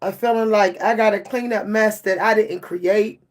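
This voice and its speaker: A woman's voice: medium pitch, fairly even intonation, moderate pace. A worn-out woman venting to her camera in an emotional monologue, repeating and stumbling over her words. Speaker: vlogger.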